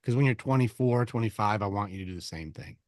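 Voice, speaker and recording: A man's voice: lowish voice, fast talker, no room sound, clean studio sound. A man hosting a men's group talk, coaching casually and swearing as he goes. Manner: animated, swears often, acts out voices in quotes. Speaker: host leading a men's group discussion.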